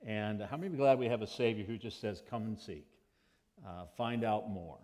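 A man's voice: fairly low pitch, brisk. Storytelling male pastor preaching. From United States. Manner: storytelling with lively, acted-out quotes of children. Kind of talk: sermon.

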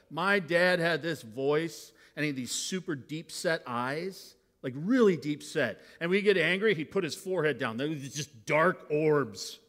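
A middle-aged male pastor preaching a sermon to his church, moving between hushed confiding and loud bursts. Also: on the high side. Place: church sanctuary. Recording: long hall reverb.

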